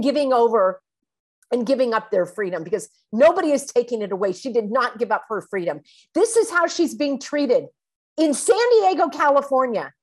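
Indignant woman host ranting. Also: a little high. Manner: indignant, emphatic, rhetorical. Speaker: online show host. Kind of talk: commentary monologue.

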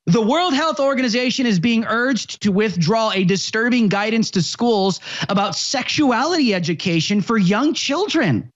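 A speaker in their twenties hosting a political commentary show, ranting with impassioned, sarcastic shouting. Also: mid-range voice, lively intonation, normal speed, few pauses, highs cut off.

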